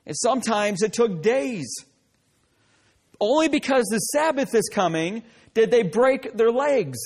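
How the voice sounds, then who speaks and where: A man's voice: very high voice, big pitch swings, slow pace, darkish tone. A male pastor preaching a sermon, emphatic and direct, often breaking in with "listen" and joking asides.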